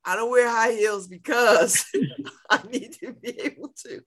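A middle-aged woman hosting a casual radio chat, laughing often and talking in a playful, animated way. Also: on the high side, a little slow. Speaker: radio host.

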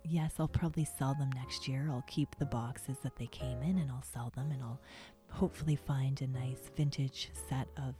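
A woman podcast host talking quietly about her own life in a soft, mostly whispered voice, close to the mic. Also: very deep voice, steady tone, normal speed, over music. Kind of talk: whispered personal reflection.

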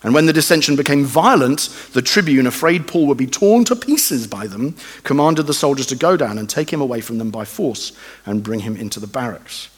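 A man preaching a sermon in a conversational, animated way, often acting out the voices he quotes. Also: mid-range voice, fairly quick, husky, in a large hall. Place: church.

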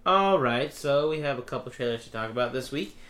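A relaxed man hosting a podcast, rambling with plenty of filler words. His voice sits at an ordinary middle pitch. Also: a little fast, a crowd in the background. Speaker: podcast host. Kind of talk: casual chat.

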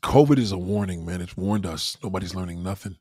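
A man's voice: low voice, fast talker, darkish tone, breathy edge, no room sound. Profane man ranting, dry close sound. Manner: profane, emphatic, full of rhetorical questions. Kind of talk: ranting monologue.

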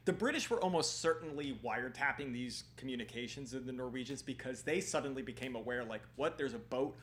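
A man tells a war history story in loose podcast chat, stopping and restarting often and filling gaps with ums. His voice sits at an ordinary middle pitch. A faint noise hums under the recording. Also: fast. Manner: rambling, many fillers and restarts, animated retelling.

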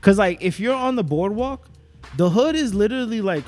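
A man's voice: sits high, expressive, fairly quick, a little mellow, faint music behind. A young man, co-hosting a podcast, telling rambling profane stories and laughing often. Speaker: podcast co-host. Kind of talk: casual chat.

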